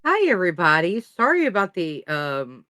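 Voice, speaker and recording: A woman's voice: lowish voice, huge pitch swings, normal speed, bright, forceful tone. A woman co-hosting a stream, chatting casually with frequent filler words. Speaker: co-host of a writing prompt stream. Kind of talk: casual chat.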